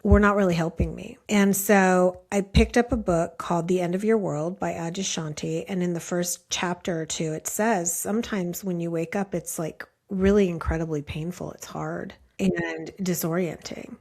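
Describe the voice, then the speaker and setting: A woman's voice: fairly low pitch, fairly even intonation, normal speed, creaky, hardly any pauses, darkish tone. A woman in her late fifties, a meditation teacher, telling personal stories as a podcast guest in an earnest, thoughtful way with many "like" fillers. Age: late 50s. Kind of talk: reflective storytelling in conversation.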